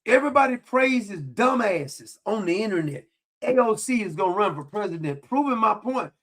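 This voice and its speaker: A man's voice: high voice, animated, normal speed, a bit bright. A man delivering a heated commentary rant, combative and taunting, repeating his points and swearing freely. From New York, USA. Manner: combative, repetitive, taunting, profane. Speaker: online commentator.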